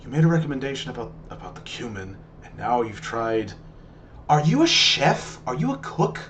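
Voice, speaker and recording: A man's voice: medium pitch, big pitch swings, moderate pace, a bit bright, a little hiss or hum. A man voicing a harried elderly male head chef, speaking in a flustered, curt way.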